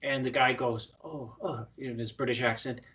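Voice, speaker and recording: A male coach in a casual interview, telling stories in an animated, excitable way with many restarts. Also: medium pitch, fairly quick, far from the mic, muffled recording. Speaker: prep coach.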